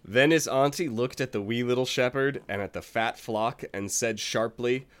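A man hosting a casual storytelling podcast, reading a folk tale aloud in a playful, animated way. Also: medium pitch, moderate pace.

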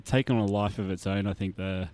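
A man's voice: sits low, fast talker. Chatty Australian man on a podcast. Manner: chatty and animated, many fillers, laughs often. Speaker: guest, brewery tour operator. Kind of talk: casual podcast interview.

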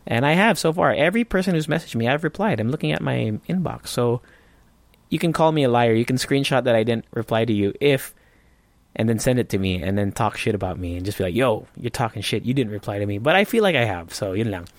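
A man's voice: medium pitch, no room sound. A man hosting a casual solo podcast, rambling and swearing freely with frequent restarts. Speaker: podcast host.

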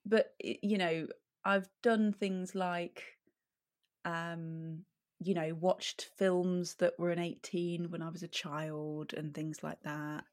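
A woman's voice: lowish voice, fairly even intonation, slow pace, a little mellow. A woman from England, a podcast guest, chatting casually and giggling often. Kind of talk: casual chat.

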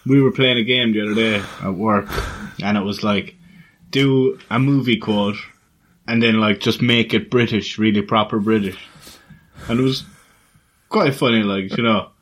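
A man's voice: fairly low pitch, fairly even intonation, normal speed, long pauses, fairly bright tone, poor audio. A man co-hosting a casual podcast chat, laughing often and swearing as he tells anecdotes. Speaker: podcast co-host.

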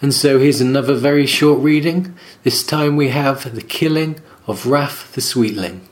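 A man's voice: medium pitch, moderate pace. Man, podcast host, casual, conversational, leading questions. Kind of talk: casual discussion.

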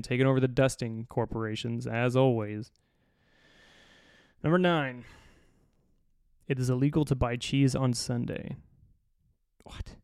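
A man's voice: medium pitch, gravelly, darkish tone, dry recording, studio quality. A man hosting a solo comedy podcast, reading out a list of odd laws with sarcastic, profane, exasperated asides. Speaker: podcast host.

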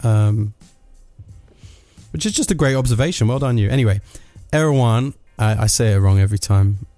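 A man's voice: fairly low pitch, a little fast, mellow, dry recording, soft background music. A man, delivering a sardonic, rambling comic monologue full of asides.

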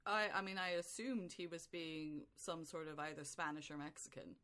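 A woman's voice: low-pitched, moderate pace. Woman, podcast co-host, casual movie chat, rambling, laughs a lot. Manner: animated, laughs often, rambling storytelling.

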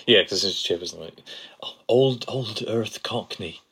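Co-host, man, very low voice, playful and gushing. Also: takes it slowly, a bit bright, a little hiss or hum. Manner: playful, enthusiastic, gushes over quotes. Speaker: podcast co-host. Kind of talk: casual chat.

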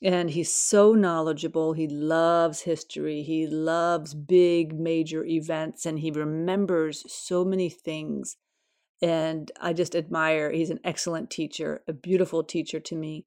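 Woman in her fifties, podcast host, slightly low voice, chatty personal storytelling. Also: little pitch movement, unhurried, a little mellow. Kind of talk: casual podcast chat. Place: home.

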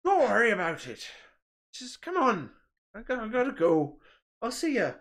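Man doing a put-on Irish accent, high, sing-song, breezy, playful. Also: huge pitch swings, normal speed, fairly bright tone, exaggerated voice.

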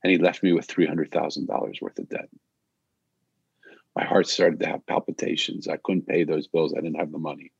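Older man, low gravelly voice. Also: fairly even intonation, fairly quick, dry recording, dull audio. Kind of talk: personal storytelling talk.

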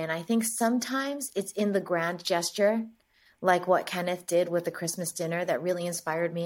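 A woman from the United States, a guest in an interview, telling stories in a lively way and acting out the dialogue. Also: on the low side. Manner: lively storyteller, acts out dialogue. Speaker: guest, agency chief executive. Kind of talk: interview storytelling.

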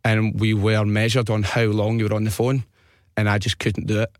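A man's voice: lowish voice, level tone, normal speed, no room sound. A Scottish man in his thirties hosting a podcast in a studio, telling stories casually, laughing and swearing freely. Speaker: podcast host. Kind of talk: casual chat.

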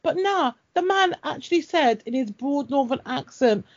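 A woman's voice: sits high, lively intonation, normal speed. A woman in a casual chat, blunt and sweary, telling stories with laughs. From Britain. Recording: dull lo-fi audio.

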